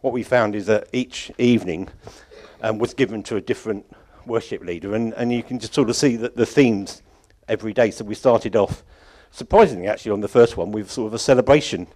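A man with a slightly low voice speaks to a church conference crowd in a loose, off-the-cuff way. He circles back on his sentences, stumbles and chuckles to himself. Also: fairly quick, a little mellow. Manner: rambling, self-correcting, chuckling often. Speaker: conference organiser addressing congregation. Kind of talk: informal closing address at a church conference.

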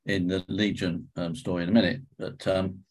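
A man leading a Bible study group discussion, talking with frequent ums, restarts and throat-clearing. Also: deep voice, flat delivery, moderate pace.

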